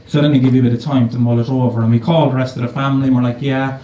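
Racing along in a mid-range voice, a male comedian performs stand-up storytelling before an audience at a comedy venue. He swears freely and keeps it conversational and animated while people laugh. The live room echoes, he comes across from far off, and the crowd can be heard.

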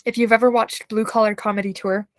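A woman leading an unscripted guided imagery session, speaking slowly and soothingly, with soft laughs and sighs. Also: on the high side, flat delivery, dry recording, poor audio. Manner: slow, soothing guidance with soft laughs and yawns.

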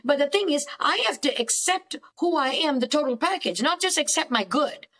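High-voiced woman therapist, preacherly. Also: normal speed. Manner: animated, preacherly, acts out quoted voices; frequent restarts when thinking aloud. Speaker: cognitive therapist guest. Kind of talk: conversational podcast interview.

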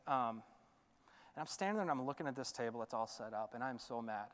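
A male pastor telling a story in a sermon, animated and chatty with lots of fillers, in a church sanctuary. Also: medium pitch, fast talker, in a large hall.

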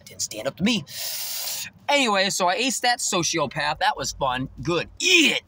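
A man's voice: high-pitched, big pitch swings, moderate pace, pushed and bright. A man telling a story in a profane, agitated, boastful way while sitting in his parked car in a parking lot. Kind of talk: casual storytelling vlog.

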